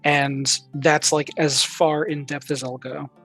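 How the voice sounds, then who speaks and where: Relaxed player, unhurried talk. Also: medium pitch, soft background music. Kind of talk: casual chat about tabletop gaming.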